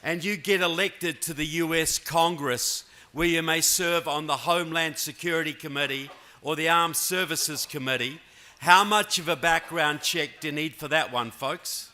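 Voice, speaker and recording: In a large conference hall, a keynote speaker in his fifties from New Zealand addresses a political convention in his New Zealand accent, frequently checking in with the audience. Using a handheld or podium mic, he talks at normal speed in a voice on the high side, pushed and bright.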